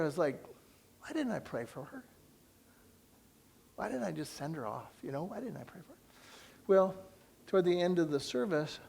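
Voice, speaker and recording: Male pastor, slightly high gravelly voice, animated storytelling sermon, acts out dialogue and drops to near-whispers. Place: church sanctuary.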